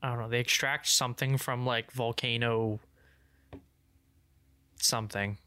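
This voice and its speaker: A young man co-hosting a casual podcast, rambling with lots of "like" and restarts while explaining things he's excited about. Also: medium pitch, a little slow, smooth. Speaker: podcast co-host. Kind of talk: casual chat.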